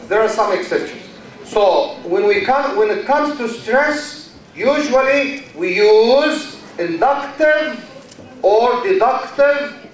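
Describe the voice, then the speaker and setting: A middle-aged man lecturing a class, repeating key words and quizzing students. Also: high-pitched. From Egypt. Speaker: university lecturer. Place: lecture hall. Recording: echoey hall, distant mic.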